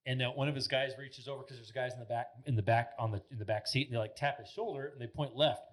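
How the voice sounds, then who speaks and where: A man's voice: medium pitch, steady tone, fast. A man in his thirties, a podcast guest telling stories in a rambling, casual way, full of filler words and swearing. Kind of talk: casual storytelling chat. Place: podcast studio.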